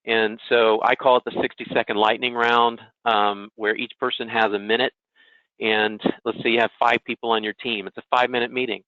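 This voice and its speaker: A man's voice: medium pitch, level tone, brisk, dry recording. A man giving a casual, conversational webinar presentation who often checks in with listeners by asking "right?". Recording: tinny phone-like webinar audio, dry.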